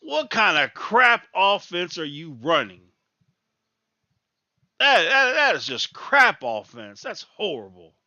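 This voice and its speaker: A man's voice: fairly high pitch, big pitch swings, measured pace, hardly any pauses, sharp tone, dry recording, dull audio. A man ranting in exasperation as he reacts live to a college basketball game, repeating his complaints. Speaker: sports talk host.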